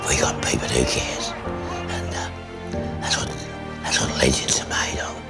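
A man's voice: very deep voice, steady tone, normal speed. An older Australian man, a former coach, telling a story in an archive interview clip with blunt glee. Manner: gleeful, blunt, gravelly storytelling. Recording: loud music under archive clip.

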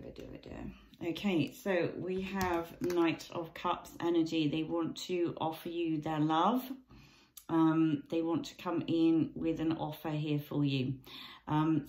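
A woman giving a casual tarot card reading, musing and thinking aloud with many pauses and ums. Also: deep voice, a little mellow, roomy sound, poor audio. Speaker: tarot reader.

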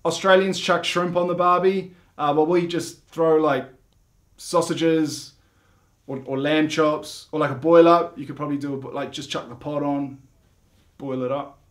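A man with a New Zealand accent delivers a mock instructional comedy video in a dry, deadpan way. He pauses often with ums and restarts his sentences. His voice sits a little above a typical male pitch. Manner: deadpan, hesitant with many ums. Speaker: comedy vlogger, dad.

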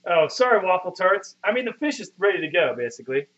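A man's voice: high voice, very animated, fast, a bit bright. Profane, rambling man live-streaming his cooking. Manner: rambling, profane, self-deprecating, talks to chat. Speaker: streamer cooking while chatting with viewers. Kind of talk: casual live-stream chat. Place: home kitchen. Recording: muffled lo-fi stream audio.

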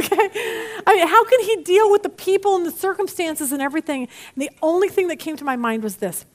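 A woman teaching a Bible study lesson in a chatty, animated way, acting out the people she quotes. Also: very high-pitched, a little fast, few pauses.

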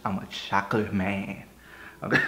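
A man's voice: deep voice, flat delivery, moderate pace, noisy background. A young man co-hosting a casual challenge vlog, playfully teasing his partner. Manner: playful teasing, breaks into sung lines. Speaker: co-host. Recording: echoey room with faint music.

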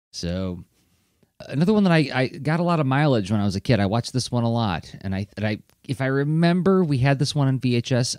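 A man's voice: medium pitch, darkish tone, dry recording. A man hosting a podcast in casual chat, talking animatedly, laughing often and using many fillers. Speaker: podcast host.

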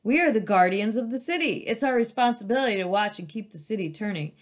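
A woman's voice: mid-range voice, animated, fast, natural voice. A woman voicing an ancient male stone lion, wise and firm, lecturing a young dragon. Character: old, wise male guardian lion statue.

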